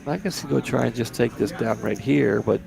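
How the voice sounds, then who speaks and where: A man's voice: mid-range voice, a little fast, creaky, a crowd in the background. A man giving easygoing, chatty live commentary on a poker table from a booth. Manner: chatty, easygoing, repeats words. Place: commentary booth at a card room.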